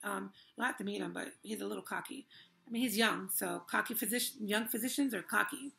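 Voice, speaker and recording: A woman's voice: mid-range voice, brisk, gravelly, bright, forceful tone. A young woman vlogger giving an emphatic, frank and indignant personal testimony. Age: young adult.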